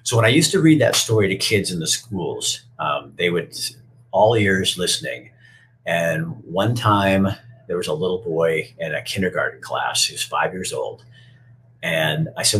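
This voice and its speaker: Deep-voiced man ranting emphatically. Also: normal speed, fairly bright tone, a little hiss or hum. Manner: emphatic, emotional, profane. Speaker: speaker who reads stories to schoolkids. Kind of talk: storytelling and personal rant.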